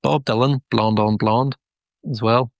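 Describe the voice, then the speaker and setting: A man's voice: medium pitch, unhurried, creaky, no room sound. A Northern Irish man in his thirties, a band frontman chatting casually in an interview, rambling through stories with lots of restarts and fillers. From Northern Ireland. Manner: rambling, many restarts and fillers, relaxed storytelling.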